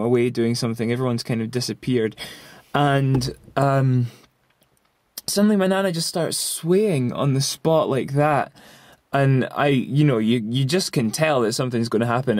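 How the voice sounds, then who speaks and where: A man's voice: medium pitch, no room sound, studio quality. A man in his twenties casually recounting a story in a rambling way, full of fillers and restarts. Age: 20s. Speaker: vlogger.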